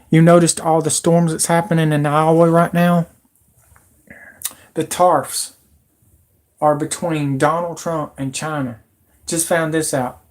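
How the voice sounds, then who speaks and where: A livestream host giving an agitated, emotional, rambling rant into a computer microphone. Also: medium pitch. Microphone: computer mic.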